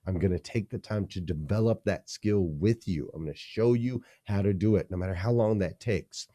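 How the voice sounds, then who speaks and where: A man's voice: fairly low pitch, brisk, few pauses, warm tone. A man, a leadership coach, being interviewed on a podcast, teaching energetically in punchy, repeated phrases.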